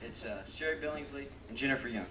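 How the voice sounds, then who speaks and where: A man's voice: mid-range voice, fast, reverberant. A man hosting a dinner theater show, telling a joke in a chatty way and laughing along. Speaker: master of ceremonies. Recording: distant camcorder, faint room noise.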